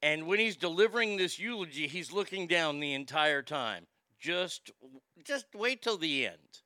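A man's voice: fairly high pitch, lively intonation, a little slow, bright, forceful tone, no room sound, clean studio sound. A man hosting a casual comedic talk show, laughing often and telling crude jokes. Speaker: host.

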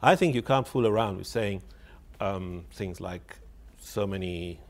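In a low, slightly slow voice, a male author on the radio looks back on the past with wry humor. He often repeats words as he gropes for the right phrasing, laughing as the story unfolds.

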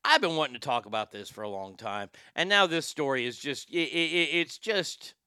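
A man's voice: on the high side, lively intonation, moderate pace, bright, forceful tone, smooth, no echo, clean studio sound. A man hosting a casual morning show, reading out listener messages and ranting with plenty of swearing. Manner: profane, ranting, reads listener messages aloud. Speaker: show host.

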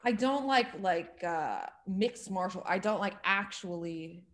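A woman guesting on a podcast in casual chat, dry and deadpan, often pausing with ums. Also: medium pitch.

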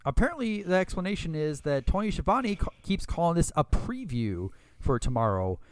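A man's voice: a little high, big pitch swings, moderate pace. A man co-hosting a podcast, chatting casually and wryly while recapping a match. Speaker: podcast co-host. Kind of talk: casual wrestling recap chat.

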